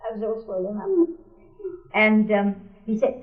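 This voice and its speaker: A woman's voice: mid-range voice, moderate pace. An older woman recounting a personal memory for an oral history, wry and often laughing as she quotes others. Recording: tinny, echoey archival tape.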